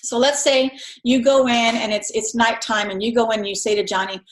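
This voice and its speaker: Chatty woman lecturing in an echoey room. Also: on the high side. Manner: conversational, acts out parents and children in quick voices. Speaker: instructor. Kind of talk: recorded lecture.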